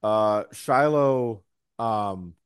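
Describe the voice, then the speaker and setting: A man's voice: fairly low pitch, smooth, dry recording, clean studio sound. A man co-hosting a casual podcast, speaking wryly and poking fun at things. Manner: wry, mocking asides with quick put-on voices. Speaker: podcast co-host. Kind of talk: casual wrestling podcast chat.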